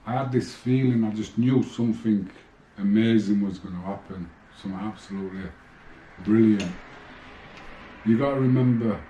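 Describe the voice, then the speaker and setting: Man, middle-aged, casual storytelling, warm dark voice, roomy echo. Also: fairly low pitch, a little hiss or hum. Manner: animated storyteller, re-enacting exchanges. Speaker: former boxer telling stories. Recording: echoey room with faint ambience.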